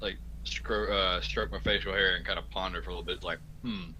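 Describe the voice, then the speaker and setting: A man's voice: low voice, little pitch movement, fast talker, sharp tone, a little hiss or hum, low-quality recording. A man playing a tabletop game, describing his character casually and hesitantly. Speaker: player. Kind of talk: tabletop role-play.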